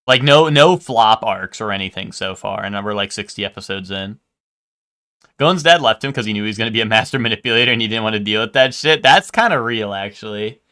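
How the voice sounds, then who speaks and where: A man's voice: fairly low pitch, animated, a little fast, bright, forceful tone. A young man streaming a game live, talking in a rambling, casual way with lots of swearing and "like". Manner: rambling, swears a lot, full of "like".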